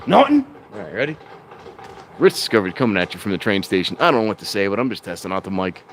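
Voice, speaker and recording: A man's voice: sits low, lively intonation, very fast, fairly bright tone, slight background noise. Chatty man vlogging outdoors. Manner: rambling, chatty, self-correcting, sometimes raises his voice. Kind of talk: casual rambling vlog chat. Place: outdoors at a train station in strong wind. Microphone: clip-on mic plugged into a handheld phone.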